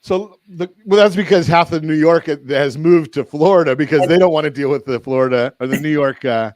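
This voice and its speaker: A man hosting a radio talk show speaks briskly, his voice fairly high-pitched with a darkish tone, on a dry recording. In casual radio chat he rambles, corrects himself and jokes with his guest.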